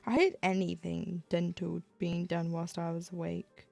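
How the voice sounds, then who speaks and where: Chatty woman streaming, gravelly voice. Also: on the low side, monotone, a little slow, few pauses, warm tone, soft background music. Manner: chatty, self-deprecating, acts out little quoted exchanges. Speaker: cross-stitch streamer. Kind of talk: casual chat while stitching on a live stream.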